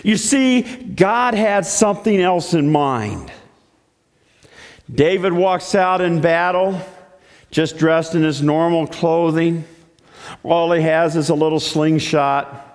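A man's voice: fairly high pitch, slow. A man preaching a sermon, telling the story in a playful, joking way. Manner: playful, jokey. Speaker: pastor. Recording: echoey hall.

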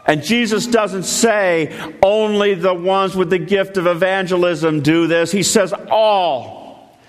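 A man's voice: sits high, fairly even intonation, unhurried, long reverb tail. A man preaching a sermon to his congregation, reading scripture and building to emphatic calls, with light self-deprecating asides. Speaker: pastor.

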